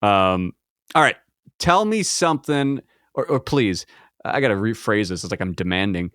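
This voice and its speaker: A man's voice: lowish voice, animated, moderate pace, a bit bright, dry recording, clean studio sound. A man from the American Midwest hosting a podcast, asking questions in a playful, jokey way and acting out quotes. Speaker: podcast host. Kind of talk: casual interview chat.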